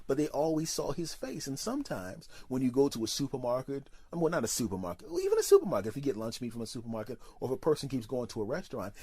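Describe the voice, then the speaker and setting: A man telling a brash, profane comedy story as a podcast host, swinging into quick voices for the people he quotes. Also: mid-range voice, darkish tone, breathy edge, dry recording.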